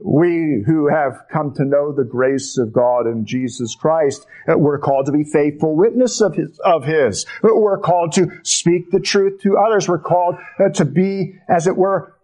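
A man preaching a sermon slowly and emphatically, his voice dropping low on key words. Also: dark tone. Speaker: pastor.

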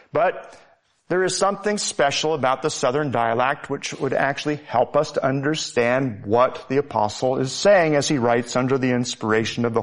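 A male pastor preaching a sermon, reading scripture and driving points home with emphatic repetition. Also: medium pitch.

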